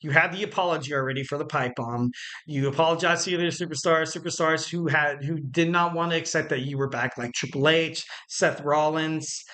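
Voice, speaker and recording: A man's voice: a little high, steady tone, a little fast, pushed and bright. A man hosting a wrestling podcast, talking casually with rambling, joking asides and self-corrections. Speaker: podcast host.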